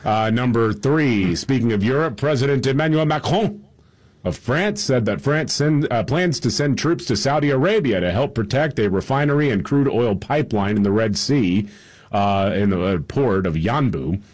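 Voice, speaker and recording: A male radio talk host with a husky voice, reading news headlines in a conversational way with fillers. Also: medium pitch, lively intonation, moderate pace, darkish tone.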